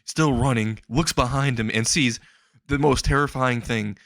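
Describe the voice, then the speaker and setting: A man's voice: medium pitch, normal speed, fairly bright tone, dry recording. Young man rambling through a goofy story. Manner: rambling, laughing at own jokes. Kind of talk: improvised comedic fan story narration.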